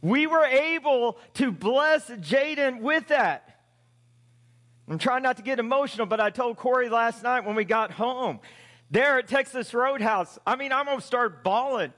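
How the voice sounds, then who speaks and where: A male pastor with a very high voice delivers a sermon in a conversational, emphatic way, throwing rhetorical questions at his congregation. His words ring out with a long reverb from a church hall. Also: a little slow, a bit bright.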